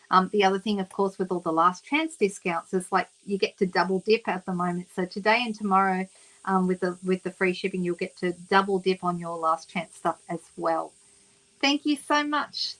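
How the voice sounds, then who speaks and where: A woman's voice: medium pitch, fairly bright tone, low-quality recording. An Australian woman hosting a papercraft livestream, chatting casually and greeting viewers by name with plenty of ums. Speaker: papercraft demonstrator and host.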